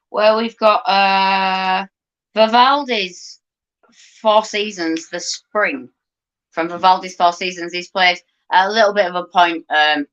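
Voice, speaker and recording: A woman's voice: lowish voice, fairly bright tone, highs cut off. A woman co-hosting a podcast, chatting casually and gushing enthusiastically about the show. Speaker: podcast co-host. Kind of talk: casual chat.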